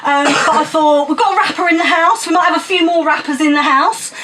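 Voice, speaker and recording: A woman's voice: high-pitched, fairly quick, bright, forceful tone. A middle-aged woman performing her poems live in a small cafe gallery, mixing chatty, giggly asides with sweary, punchy rhyming verse. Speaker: performance poet. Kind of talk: live spoken-word poetry reading. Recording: distant mic in a small venue.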